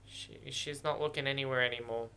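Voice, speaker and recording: A man's voice: medium pitch, steady tone, a little fast, pushed and bright, a little hiss or hum. A man thinking aloud as he watches a film for the first time, emotional and exclaiming. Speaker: movie reactor. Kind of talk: first-watch movie reaction commentary.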